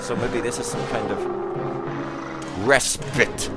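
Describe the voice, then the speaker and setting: A man's voice: mid-range voice, slow. A man giving rambling, jokey, panicky commentary while playing a video game. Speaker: let's play commentator. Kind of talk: excitable gameplay commentary. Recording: loud game music behind.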